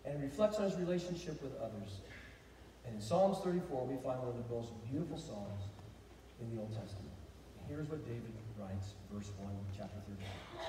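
A male pastor preaching an animated sermon, repeating phrases and calling for responses from the congregation. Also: a little high, brisk, a little hiss or hum. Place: church sanctuary. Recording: echoey hall recorded from far off.

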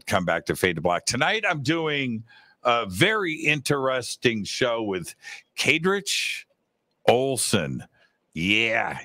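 Male co-host, very low voice, dry recording, loose and joking. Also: bright, forceful tone, no echo. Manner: jokey, rambling. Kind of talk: casual live-stream chat.

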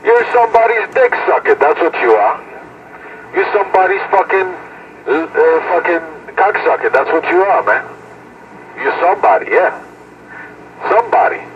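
A man's voice: sits high, sing-song, normal speed, long pauses. Profane man trash-talking over CB radio. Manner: profane, taunting, shouting insults. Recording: dull lo-fi radio with loud static.

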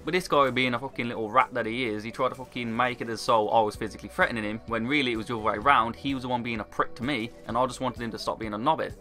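Fast sweary young British man. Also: medium pitch. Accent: British English. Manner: brisk, animated, sweary retelling. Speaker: storyteller. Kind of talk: casual story time. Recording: faint background music.

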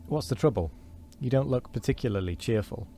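A man's voice: medium pitch, expressive, fairly quick, warm tone, a little hiss or hum, voice pushed up, natural voice. A man voicing a kindly, burly engine driver in a storybook reading, talking in a homely, reflective way.

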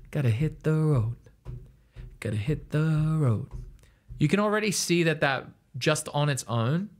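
A young man from Australia talks through a singing lesson in a loose, rambling way. He laughs often and sidetracks a lot, and his voice sits at a middle pitch. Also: fairly bright tone. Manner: rambling, chatty, laughs often, mimics reactions in a high squeal. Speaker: music coach. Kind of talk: casual video lesson.

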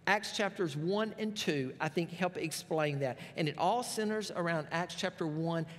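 High-voiced pastor preaching. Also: male voice, normal speed. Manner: storytelling, animated retelling of scripture with folksy asides. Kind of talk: sermon. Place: church sanctuary. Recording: long reverb of a church hall.

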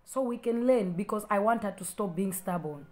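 A woman's voice: medium pitch, expressive, moderate pace, a little mellow, rough recording. Woman from zambia, preacher, livestream address, confrontational, repeats her challenges. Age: adult with school-age children. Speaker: Christian preacher on a live video.

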